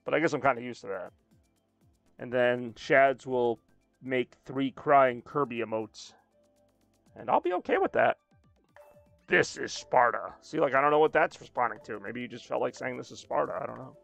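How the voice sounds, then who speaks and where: A man's voice: mid-range voice, expressive, moderate pace, gravelly, fairly bright tone, faint music behind. A young man streaming a racing game, chatting loosely, joking and reacting to comments from his chat. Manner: rambling, jokey, reacting to chat.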